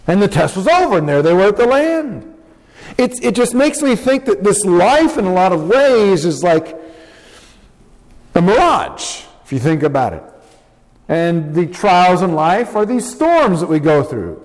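A man preaching a sermon, animated and acting out the quotes he reads. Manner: animated, acting out quotes with big pitch jumps. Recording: long hall reverb.

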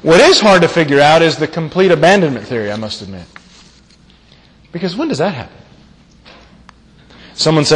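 A man's voice: fairly high pitch, animated, normal speed, pauses often. A man preaching a sermon, emphatic, who repeats key phrases and asks the listeners rhetorical questions. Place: church meeting hall. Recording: long reverb of a large hall.

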